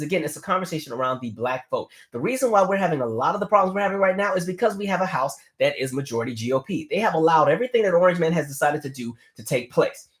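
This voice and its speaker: Man, 30s, livestream host, passionate, quick, conversational, slightly high voice. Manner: passionate, fast-talking, conversational. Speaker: political commentary livestream host. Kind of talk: casual livestream commentary.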